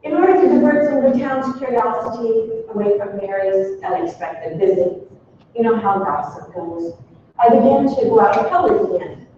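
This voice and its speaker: A gentle, humble elderly Elizabeth, as a woman preacher puts her on, tells her story in a high, heartfelt voice. The sound is distant and echoes through a large church hall, with a dull, muffled tone. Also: lively intonation, slight background noise, close to an everyday voice. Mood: tender. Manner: heartfelt storytelling with soft pauses. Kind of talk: first-person dramatic monologue in a sermon.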